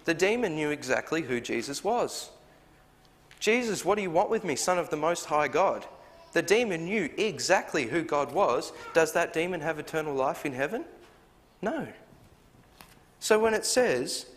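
A man's voice: a little high, very animated, normal speed. A man preaching a sermon, earnest, asking the listeners one question after another and acting out the voices he quotes. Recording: long hall reverb.

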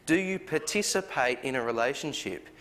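An earnest man preaches to a congregation, pressing them with rhetorical questions. His voice sits at an ordinary middle pitch. A long hall reverb trails each phrase. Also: expressive, normal speed, fairly bright tone. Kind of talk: sermon.

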